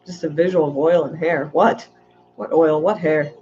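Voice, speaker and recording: A woman's voice: low voice, fairly even intonation, normal speed, dark tone, lo-fi sound, a little hiss or hum. A woman hosting a casual livestream, chatting in a rambling way and reading viewer comments aloud. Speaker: aquarium channel host.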